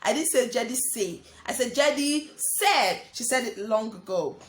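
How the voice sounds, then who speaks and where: A young woman teaching a lesson to small children, speaking slowly and repeating words while she writes on a board. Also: fairly high pitch, a little mellow. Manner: slow, sing-song teacher talk addressing children as friends; talks while writing on a board. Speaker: primary school teacher.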